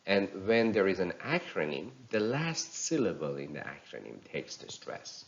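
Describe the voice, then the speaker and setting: A man teaching a recorded pronunciation lesson, explaining slowly and deliberately and acting out example lines with exaggerated intonation. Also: deep voice, very animated, gravelly, dull audio.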